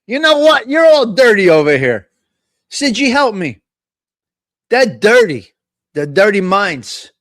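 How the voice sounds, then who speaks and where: A man's voice: high-pitched, sing-song, slow pace, long pauses, fairly bright tone, no echo. A middle-aged man with a New York-area accent hosting a live morning talk stream, rambling through crude, joking banter. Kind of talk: casual live-stream chat.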